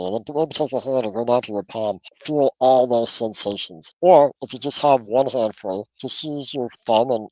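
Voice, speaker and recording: An earnest man coaching on a podcast, his voice at a middle pitch. He guides the listener step by step and often repeats a word before going on. The audio is dry and slightly dull, as over a remote call. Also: darkish tone, no echo. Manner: earnest, instructive, repeats words when restarting. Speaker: transformational coach, guest. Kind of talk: podcast interview, coaching advice. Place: home office.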